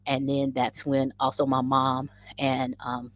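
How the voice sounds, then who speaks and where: A woman in her forties casually telling a story as a vlogger, animated and self-mocking. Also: very deep voice, slow pace, dry recording. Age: 40s. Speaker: vlogger and rabbit farmer.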